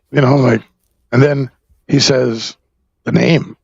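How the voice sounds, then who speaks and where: A man from New Jersey, a podcast guest, candidly recounting a personal story in a halting, rambling way full of fillers and profanity. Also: mid-range voice, fairly even intonation, creaky, slightly rough, no echo, dull audio.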